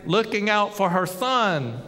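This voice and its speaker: A male pastor telling a story during a sermon, chatty and conversational, with sudden loud exclamations. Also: high-pitched, sing-song, takes it slowly. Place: church sanctuary. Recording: long hall reverb.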